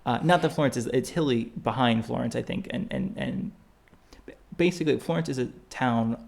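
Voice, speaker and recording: A man co-hosting a travel podcast in a loose, casual chat. His voice is mid-pitched with a gravelly edge, and he rambles, full of fillers and restarts. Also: moderate pace, slight background noise. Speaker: podcast co-host.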